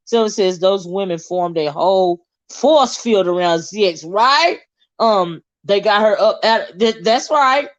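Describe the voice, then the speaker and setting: A woman hosting a casual livestream gossip chat, reading viewer comments aloud in a chatty, laughing way with drawn-out asides. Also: on the high side. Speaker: host. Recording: dull lo-fi sound.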